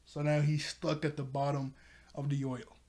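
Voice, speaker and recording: A man's voice: on the high side, fairly even intonation, unhurried, darkish tone. A man recapping an anime episode in a rambling, casual way, chuckling often and leaning on fillers. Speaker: anime review host.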